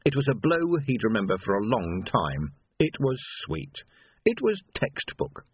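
A man reading a novel aloud as narrator, wry and measured, on a thin, phone-like recording. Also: medium pitch, sing-song, husky, no echo. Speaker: audiobook narrator. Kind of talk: scripted narration. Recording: dry phone-like lo-fi sound.

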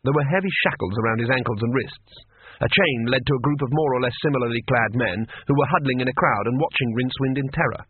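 A man reading a comic story aloud in a wry, lively way, in a dry, tinny recording. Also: mid-range voice, quick pace, breathy edge, no echo. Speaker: narrator. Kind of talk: scripted comic narration. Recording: dry, tinny phone-like sound.

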